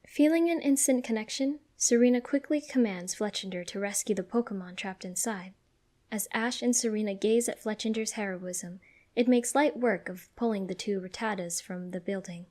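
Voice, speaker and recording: Woman narrator for a fan story; soft, hushed, mid-pitched read. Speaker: story reader.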